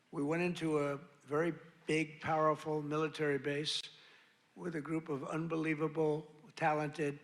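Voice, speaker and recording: A man's voice: a little high, vocal fry, a bit bright. Older man giving a boastful rally speech. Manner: boastful, repetitive, rambling asides. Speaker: political speaker at a rally. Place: rally venue with crowd. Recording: rally sound with crowd noise.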